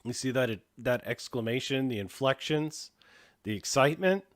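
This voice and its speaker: A man's voice: mid-range voice, normal speed. Casual profane man reacting to clips. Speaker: host. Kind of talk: casual commentary.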